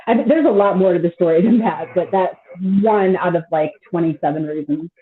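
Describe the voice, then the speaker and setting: A woman's voice: lowish voice, normal speed. A woman in her thirties chatting casually on a live stream, rambling and swearing freely with lots of "like". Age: 30s. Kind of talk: casual chat. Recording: tinny phone-like call audio.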